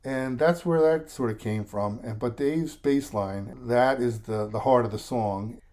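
A man's voice: mid-range voice, unhurried, darkish tone. A middle-aged American man, a songwriter and singer, telling rambling stories in a casual interview and quoting others along the way. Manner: rambling storyteller, quotes others in voices, emotional at times. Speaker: songwriter and lead singer, guest.

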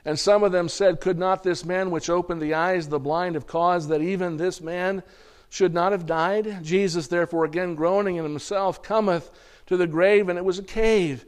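A man preaching a sermon, reading scripture aloud and speaking to the congregation as "folks," with the odd throat-clear and restart. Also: sits high, fairly even intonation, normal speed.

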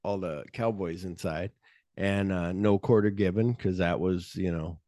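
A man talking through favorite movie moments on a podcast in a casual, excitable way. His voice sits a little low, and the close mic keeps it dry. His retellings are animated and full of quick asides. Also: dry recording. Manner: animated retelling, jumps into high-pitched quoted voices. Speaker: podcast co-host.

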